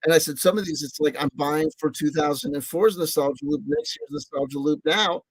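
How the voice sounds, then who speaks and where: A man vlogging in a rambling casual monologue, excitable and self-mocking, repeating himself, swearing and laughing as he talks. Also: a little high, brisk, husky, dry recording.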